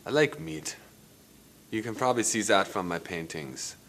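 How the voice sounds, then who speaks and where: A man's voice: fairly low pitch, big pitch swings, normal speed, gravelly, fairly bright tone, slight background noise, exaggerated voice. An actor playing a rambling, eccentric male painter in a comedic mockumentary interview, talking casually and crudely.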